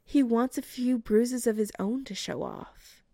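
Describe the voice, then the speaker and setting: A woman narrating a romance story as an audiobook reading, slow and even. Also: a little high, no echo, studio quality.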